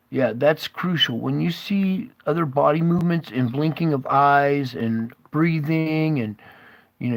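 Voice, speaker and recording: A man's voice: on the high side, no echo. A man rambling as he hosts a conspiracy video, breaking up his talk with questions to the viewer. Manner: rambling, keeps asking "okay?".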